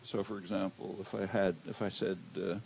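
An older man giving an academic lecture in a lecture hall, measured and halting, with many "uh" fillers. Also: deep voice, flat delivery, vocal fry, a little mellow, slight background noise. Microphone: handheld or lectern mic.

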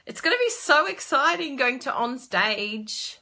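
Bubbly, bright-voiced woman hosting a live stream. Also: high voice, a little slow. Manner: bubbly, chatty, reads viewer comments aloud; frequent laughs and excited exclamations. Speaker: crafting live-stream host. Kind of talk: casual live-stream chat.

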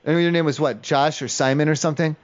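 A man's voice: fairly high pitch, fairly even intonation, quick pace. A man making a prank phone call, whiny, emotional and easily offended. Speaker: prank caller.

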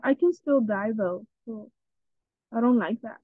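Woman talking over her game, kinda scaredy and rambly, highish voice, tinny phone sound. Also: unhurried, dry recording. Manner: chatty and jittery, repeats herself, gets easily scared. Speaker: gaming channel host. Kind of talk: casual gameplay commentary.

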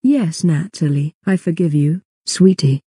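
Woman doing a strict scolding cartoon mom, low, very dark and husky. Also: measured pace, dry recording, clean studio sound, heavily acted. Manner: stern, scolding.

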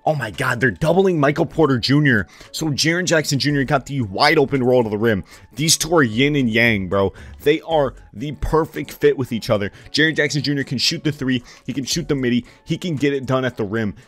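Excitable young man calling game plays. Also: mid-range voice, moderate pace, soft background music. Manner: excitable, swears, calls plays like a broadcaster. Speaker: gaming YouTuber. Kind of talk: play-by-play commentary over a basketball video game. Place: home room, worried about neighbors.

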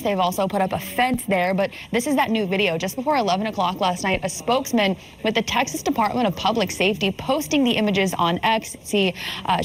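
A woman anchors a news segment, laying out events in a steady, measured way with the odd filler. Her pitch sits in the middle range. A faint noise hums under the broadcast clip. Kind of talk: news report.

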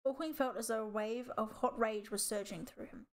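A woman reading a children's animal novel aloud as audiobook narration in a steady storytelling way. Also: on the high side, moderate pace. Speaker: audiobook reader.

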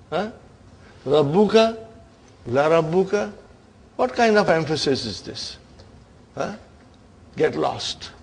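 A man's voice: a little high, vocal fry, slightly rough, exaggerated voice. A man voicing a bossy, boastful personified grammar word that scoffs with challenging questions, inside a lesson.

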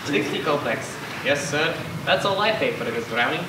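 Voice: animated, normal speed, natural voice. A young man playing a scheming con man who stages drownings for money, haggling theatrically on a school stage. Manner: haggling, theatrical, sweeping pitch, shouts for help. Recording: echoey stage heard from far off with hiss.

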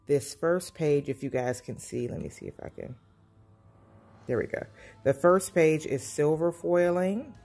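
A woman's voice: deep voice, dark tone. A woman gushing through a casual sticker book review for her planner channel at home. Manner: gushing, enthusiastic, repeats praise. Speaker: planner vlogger.

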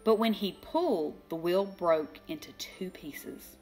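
An older woman reading a children's storybook aloud, slow and expressive, giving the characters their own voices. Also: lowish voice, faint music behind. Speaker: children's book reader.

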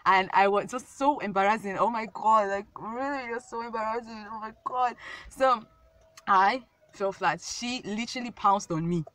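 A woman's voice: medium pitch, moderate pace, few pauses, a bit bright, dry recording. A young woman telling a casual storytime vlog, rambling and repeating herself with many fillers. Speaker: vlogger.

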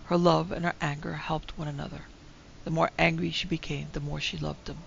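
A woman narrating a classic ghost story in a measured, dramatic way. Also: low-pitched, flat delivery, gravelly. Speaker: narrator and producer. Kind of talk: scripted horror story narration. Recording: dull lo-fi recording with faint hiss.

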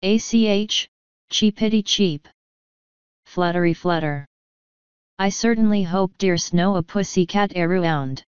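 A woman voicing a tiny, brash male fairy warrior, shouting cocky rough slang. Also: fairly low pitch, a little slow, pauses often, dry recording, lo-fi sound, natural voice. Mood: mocking.

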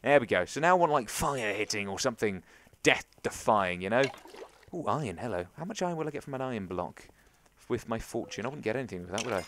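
Animated young man rambling over gameplay. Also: on the low side, fast, a little hiss or hum. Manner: chatty, rambling, talks to viewers and game mobs. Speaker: gaming channel host. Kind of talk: let's play game commentary.

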